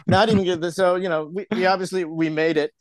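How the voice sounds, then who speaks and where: Man, middle-aged, interview guest, animated storyteller, slightly high pitch, dry sound. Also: fast talker, dry recording. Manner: animated anecdotes, acts out quoted voices. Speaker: filmmaker guest.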